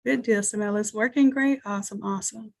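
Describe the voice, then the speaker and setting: A woman's voice: mid-range voice, quick pace, a little mellow. A woman teaching a live online design class, chatty and thinking aloud as she works through each step. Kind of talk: live screen-share tutorial.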